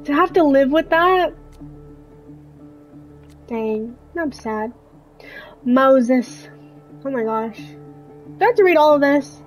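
A young woman streamer chats through a story game, reacting with self-deprecating remarks. Her voice is high, and faint game music plays underneath. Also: expressive, measured pace, low-quality recording. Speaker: gaming streamer. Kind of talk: casual let's-play commentary.

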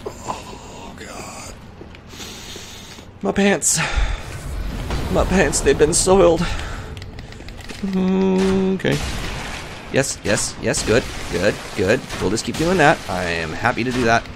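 Man streamer, unhurried but jumpy, talks himself through the game with a gravelly voice; noisy home recording. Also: on the high side. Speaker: let's play livestreamer. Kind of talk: live gameplay commentary.

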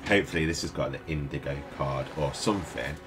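A man's voice: a bass voice, quick pace. A tired British man from the UK, rambling to himself in casual gameplay commentary as a let's play host. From United Kingdom. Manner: rambling, mutters to himself while playing. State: tired, up at night. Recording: game music playing behind.

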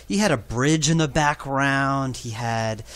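A man's voice: medium pitch, unhurried, fairly bright tone. A man giving a rambling, self-deprecating developer commentary for his own game. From New York.

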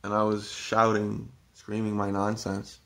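A man telling a rambling, halting story about his day in a casual monologue, with many restarts and some swearing. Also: on the low side, completely flat delivery, gravelly, fairly bright tone.

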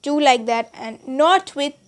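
A woman whose first language is Bengali, chatting casually in a vlog with halting, hesitant speech full of restarts and fillers. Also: sits high. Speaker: channel host.

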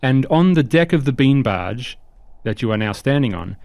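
A man's voice: medium pitch, expressive, moderate pace, vocal fry, a little mellow, no room sound. Casting: laid-back male game master describing scenes, dry close recording. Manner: casual, chatty, descriptive. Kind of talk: narrating a tabletop game.

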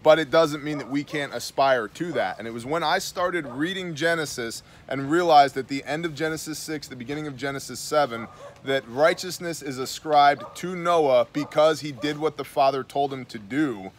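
A man's voice: a little high, moderate pace, slight background noise. Blunt New man reading scripture. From New York. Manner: conversational, reads scripture aloud then comments with blunt asides. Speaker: host. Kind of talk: casual Bible study talk.

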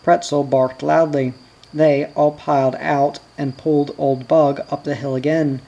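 Slow, mellow storybook reader. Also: mid-range voice, gravelly, muffled recording. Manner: calm, measured storytelling. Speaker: audiobook reader. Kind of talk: reading a children's novel aloud.

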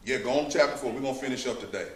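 A man's voice: medium pitch, racing. A man preaching a sermon, who builds to emphatic outbursts and addresses the listeners as saints. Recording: echoey room, mic at a distance.

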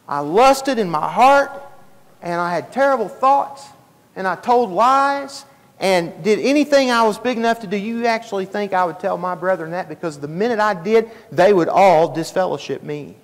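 A man telling his story in a folksy, animated sermon, acting out the dialogue. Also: sits high, normal speed. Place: church hall. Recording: live church stream with long hall reverb.

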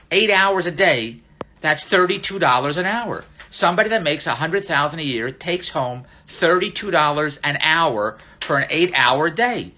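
An older man vlogging on his phone, pitching money tips in a boastful, excitable, repetitive way. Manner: boastful, excitable sales pitch, repeats himself, laughs at his own jokes. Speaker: social media entrepreneur. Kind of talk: casual selfie vlog monologue. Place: out and about in a shopping mall and streets.

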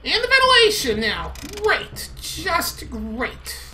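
A woman playing a horror game with her twin, excitable and swearing at the jump scares. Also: high-pitched, slow. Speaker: let's play co-host. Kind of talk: casual gameplay banter.

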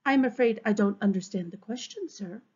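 A woman's voice: mid-range voice, fairly quick, a little mellow, husky, close to an everyday voice. A woman voicing an earnest, hesitant young male police lieutenant in a storybook read-aloud. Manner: polite, hesitant. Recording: dull, muffled recording.

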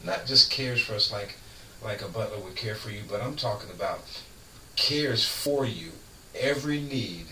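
A man who is a guest on a radio show, preaching in casual chat with fervent, lively storytelling. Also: fairly low pitch, normal speed. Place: radio studio. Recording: echoey room, far from mic, faint noise.

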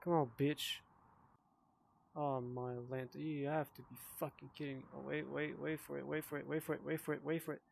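A slightly drunk man talks his way through a VR game in loose, casual commentary. His voice sits a little higher than most men's, and he keeps cursing, muttering under his breath and then flaring up in frustration. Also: steady tone, normal speed, vocal fry. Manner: swears a lot, frustrated outbursts and mumbled asides. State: tipsy from drinking. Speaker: VR gamer.

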